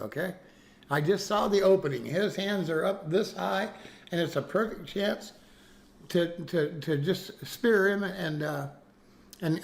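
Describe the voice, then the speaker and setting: A man's voice: high-pitched, vocal fry. A man casually telling a story to his chat, rambling with restarts and frequent "okay?" checks. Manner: rambling, lots of restarts and "okay?" tag questions.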